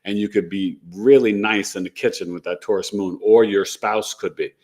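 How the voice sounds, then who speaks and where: Low-voiced man hosting a casual astrology talk. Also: steady tone, moderate pace, darkish tone. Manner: rambling, tags sentences with "right?". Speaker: astrology show host. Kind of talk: casual live-stream talk.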